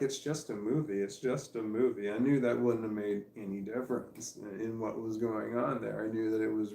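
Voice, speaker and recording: A man's voice: medium pitch, vocal fry, darkish tone, a little hiss or hum. Laughing, rambling man in an echoey room. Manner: rambling, laughs often mid-sentence. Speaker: vlogger. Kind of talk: casual storytelling.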